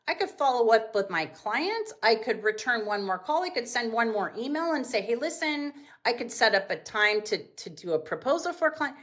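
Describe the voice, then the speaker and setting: A middle-aged woman, a business owner guest on a podcast, telling casual stories and acting out quotes with big jumps in pitch. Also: sing-song, moderate pace, few pauses, a bit bright. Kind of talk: casual storytelling in an interview.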